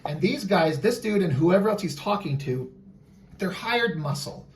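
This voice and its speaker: A comic artist and writer in a casual podcast conversation, retelling his story in an animated way. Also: high voice, normal speed, recorded from a distance, slight background noise.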